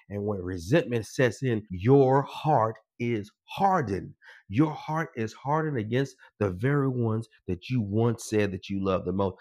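A man preaching a sermon. He repeats his phrases and climbs higher and louder as he drives a point home. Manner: builds in pitch and volume, repeats phrases for emphasis.

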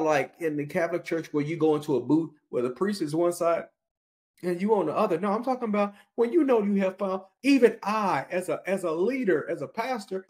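Man preaching a repetitive sermon. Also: high voice. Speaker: pastor.

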